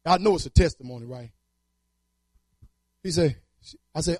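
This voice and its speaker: A man's voice: high voice, moderate pace, long pauses, mellow, no echo. A man telling his testimony in church, storytelling with fervor and colloquial speech. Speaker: testimony speaker.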